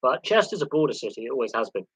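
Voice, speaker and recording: A man hosting a casual live sports Q&A stream, rambling and repeating words, with a dark, jokey sense of humour. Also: medium pitch, big pitch swings, racing, slight background noise, rough recording. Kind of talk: casual live-stream chat answering viewer questions.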